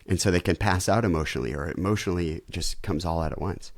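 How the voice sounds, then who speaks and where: A man's voice: low-pitched, fast, dry recording, clean studio sound. A man, a pastor, talking as a podcast guest and vividly acting out everyday family scenes. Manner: animated storyteller who acts out family scenes. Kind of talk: conversational interview.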